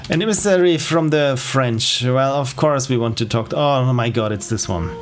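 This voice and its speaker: A man giving relaxed, rambling gameplay commentary on a livestream, with self-deprecating asides. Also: medium pitch, normal speed, few pauses, over music. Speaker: game streamer.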